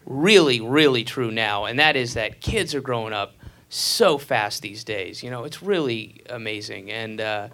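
A grown man doing a crude stand-up routine on a club stage. He rambles through fillers and restarts, then breaks into loud acted outbursts. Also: medium pitch, animated, unhurried. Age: adult. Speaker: stand-up comedian.

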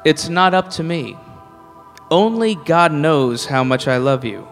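Man putting on a deep-voiced pious dad, halting and earnest, lower than his own voice, reverberant hall, audience. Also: gravelly, faint music behind. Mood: solemn. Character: devout middle-aged father, slow and solemn.

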